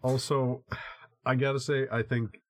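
A man's voice: medium pitch, flat delivery, unhurried. A man co-hosting a podcast, chatting in a wry, amused, self-deprecating way. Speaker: podcast co-host. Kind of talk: casual chat.

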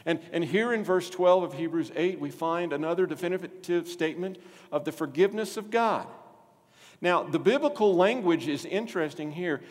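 A male pastor preaching a sermon, animated and asking the congregation questions. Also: a little high, normal speed. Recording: long hall reverb.

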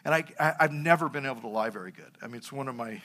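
A man's voice: mid-range voice, racing, sharp tone. A middle-aged man, a pastor, preaching a sermon and telling a humorous story from his own life.

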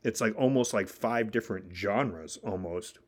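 Low-voiced man chatting on a podcast. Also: normal speed. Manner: animated, jokey, quotes lines in put-on voices. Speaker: podcast co-host. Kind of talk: casual chat about horror movies.

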